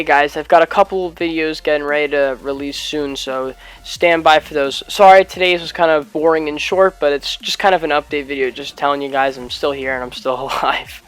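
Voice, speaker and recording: A teenage guy with a somewhat high voice rambles through a casual vlog story, packing every phrase with filler words and offhand swearing. Faint music plays underneath. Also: fairly bright tone. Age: late teens, high school student. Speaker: YouTube gaming vlogger.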